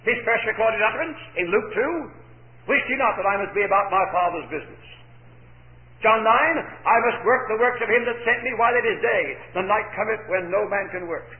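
A man's voice: high-pitched, normal speed. A man preaching a sermon with emphasis, posing rhetorical questions and answering them himself. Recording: echoey, phone-like lo-fi recording.

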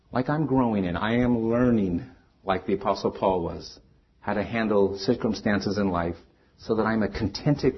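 A man's voice: mid-range voice, breathy edge, dull audio. A man preaching a sermon as pastor, earnest and rising to emphatic peaks.

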